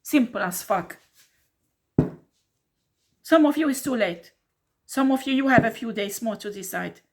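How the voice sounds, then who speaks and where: A woman's voice: fairly high pitch, lively intonation, unhurried, darkish tone, slight background noise. Blunt, scolding woman tarot reader. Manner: non-native English phrasing. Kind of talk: tarot reading monologue.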